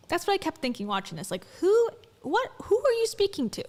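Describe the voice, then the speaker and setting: A woman's voice: extremely high pitch, big pitch swings, fairly quick, a little mellow. A young adult woman giving a sarcastic, incredulous commentary vlog, full of "like" and mocking asides. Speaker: commentary vlogger.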